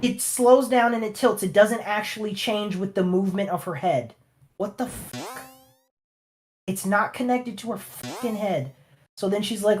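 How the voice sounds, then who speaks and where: A man's voice: sits high, animated, moderate pace. A man hosting a commentary video, ranting in a profane, sarcastic, emphatic way. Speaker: channel host, reviewer.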